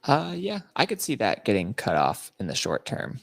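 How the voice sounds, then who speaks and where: A male podcast host with a low, gravelly voice tells crude, mocking stories in casual chat. His pitch swings widely as he goes, and he laughs often. The sound is dry and close. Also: huge pitch swings, normal speed, dry recording.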